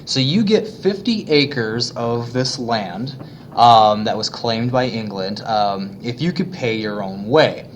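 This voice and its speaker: A man teaching a history lesson in a casual way, with many fillers and pauses. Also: mid-range voice, animated, slight background noise. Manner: casual, many fillers, plays voices of colonists. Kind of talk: classroom lesson narration.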